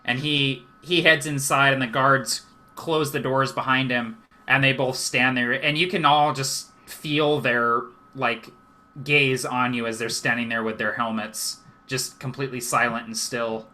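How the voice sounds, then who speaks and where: Bright-toned man running a tabletop game. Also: medium pitch, steady tone, unhurried, a little hiss or hum. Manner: casual, narrates with fillers and voices side characters. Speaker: game master.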